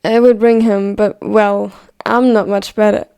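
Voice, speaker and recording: A woman voicing a tipsy young male athlete who talks slowly and haltingly. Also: mid-range voice, flat delivery, creaky, warm tone, smooth.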